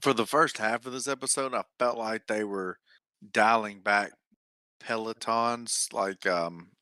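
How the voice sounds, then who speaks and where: A man's voice: on the low side, a little slow, bright, forceful tone, clear, resonant tone, no echo. A man co-hosting a podcast, making wry, chatty comments in casual conversation. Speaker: podcast co-host. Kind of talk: casual chat.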